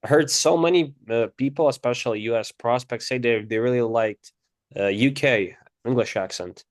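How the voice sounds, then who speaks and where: A man hosts an interview in a mid-pitched voice, asking brief questions and giving quick reactions. The sound is dry and close. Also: dry recording.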